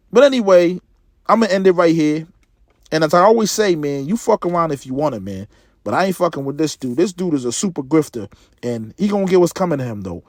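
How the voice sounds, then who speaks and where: Blunt slangy man ranting, high voice. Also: dry recording, studio quality. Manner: blunt, slangy, repetitive restarts. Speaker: commentary vlogger. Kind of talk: casual opinion rant to camera.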